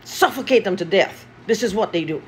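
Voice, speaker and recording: A woman's voice: mid-range voice, animated, a little fast, a little hiss or hum. A woman from Guyana, talking in an angry, profane monologue and repeating herself.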